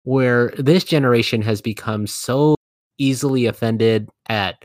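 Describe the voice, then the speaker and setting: A man's voice: medium pitch, measured pace, a little mellow, no echo, clean studio sound. A man hosting a podcast interview, chatting casually in a rambling, laugh-filled way with lots of "like". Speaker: podcast host.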